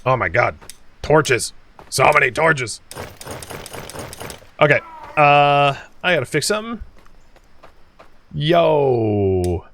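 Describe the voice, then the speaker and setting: Hosting a let's play, this man speaks in a fairly bright, sing-song voice on the high side, moving slowly and pausing often. His gameplay commentary is casual and chatty: he thinks out loud, chuckles frequently, and addresses his viewers head-on.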